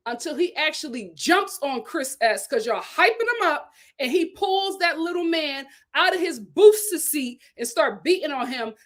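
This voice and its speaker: A woman giving casual, sassy commentary as a show reviewer, animated and laughing often. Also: high-pitched, normal speed.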